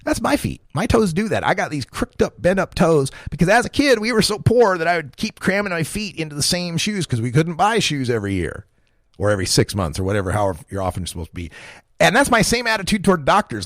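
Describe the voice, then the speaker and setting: A fortysomething talk radio host delivers a heated, profane monologue, his voice swinging widely up and down and sitting a bit high. He breaks into chuckles as he rants. The sound is close and dry, with no room around it. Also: very animated, fast talker, a bit bright, dry recording. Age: 40s. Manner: impassioned, profane ranting.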